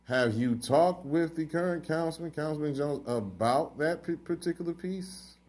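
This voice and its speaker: A man's voice: a little high, animated, normal speed, darkish tone. A man hosting an interview, asking questions in a casual, conversational way. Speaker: interview host.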